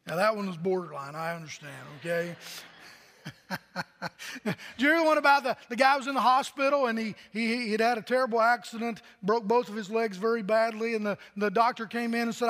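Pastor, man, very high pitch; folksy sermon with jokes, repeats himself, asks the room questions; reverberant church hall. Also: normal speed, pauses often, a bit bright.

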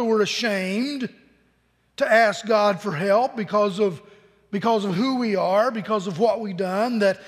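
A very high-pitched man preaches in a plain, conversational way, circling back on his words as he builds each point. His voice rings out with a long hall reverb from a large worship space. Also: a bit bright. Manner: earnest, conversational preaching with frequent repeated words. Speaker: pastor. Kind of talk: sermon.

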